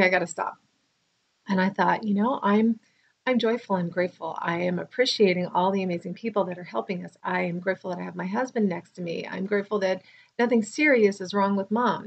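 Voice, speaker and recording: Tired middle-aged woman vlogger, chatty and rambling, gravelly voice, dull lo-fi audio. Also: mid-range voice. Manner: chatty, rambling, with restarts and asides. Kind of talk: casual personal storytelling to camera.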